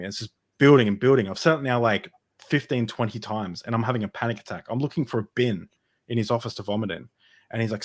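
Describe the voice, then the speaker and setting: A man's voice: on the low side, fairly even intonation, quick pace. Rambling man telling a story. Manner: rambling, many restarts and fillers. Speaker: podcast guest. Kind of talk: casual personal storytelling.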